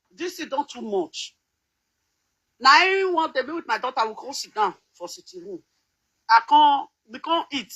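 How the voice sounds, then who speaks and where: A woman's voice: mid-range voice, bright, forceful tone, husky, low-quality recording. A middle-aged Nigerian woman chatting casually to her viewers, laughing often and breaking into bits of song. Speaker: vlogger. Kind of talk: casual chat.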